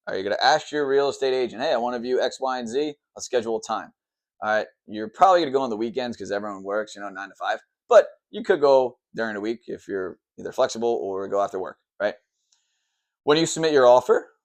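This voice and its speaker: Fast-talking blunt mortgage guy. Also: on the low side. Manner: blunt, chatty, sarcastic asides. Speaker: mortgage loan officer. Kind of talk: casual explainer talk to camera.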